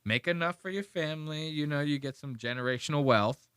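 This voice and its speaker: A male podcast host ranting in a casual, profane, animated way, full of "like". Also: on the high side, fairly quick, smooth, no echo, clean studio sound. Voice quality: animated, profane, heavy use of "like".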